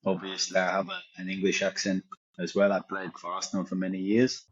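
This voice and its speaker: A man's voice: low-pitched, monotone, brisk, lo-fi sound, natural voice. A man voicing a boastful fake French football star, with a put-on French accent that slips into Yorkshire and a pompous, crude manner. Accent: put-on French accent slipping into Yorkshire. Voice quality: pompous, crude, self-satisfied bragging. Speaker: podcast co-host doing an impression.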